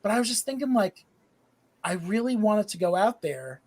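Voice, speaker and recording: A man on a live panel show, high and drifting in and out, telling a rambling story full of swearing. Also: animated, moderate pace, a little mellow, dry recording. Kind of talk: casual live panel chat.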